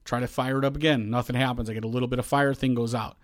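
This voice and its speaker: A man, a podcast host, telling a long frustrated story in casual chat, shouting now and then as he acts out the scene. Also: medium pitch, rapid-fire, no echo, clean studio sound. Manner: animated, yells when reenacting.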